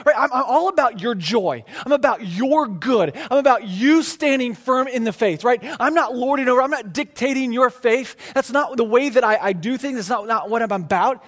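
A man's voice: extremely high pitch, normal speed, few pauses, a bit bright. A man preaching a sermon in a conversational, emphatic way, often restarting and repeating words. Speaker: pastor.

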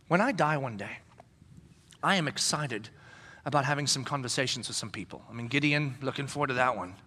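A male pastor preaching a sermon with animated storytelling, swinging from loud to hushed whispers. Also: medium pitch, a little fast. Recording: long reverb in a large hall.

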